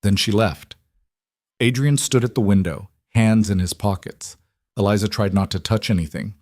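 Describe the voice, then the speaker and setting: A man reading scripted story narration in a measured, even way. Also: on the low side, no echo, clean studio sound.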